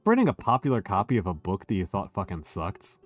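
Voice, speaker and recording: A tipsy man talks in a low, close and dry voice over faint music. He rambles and piles up fillers, but stays emphatic as he makes his point. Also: wildly swooping pitch, brisk, no echo. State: tipsy, hiccuping. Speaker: streamer. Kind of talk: casual chat.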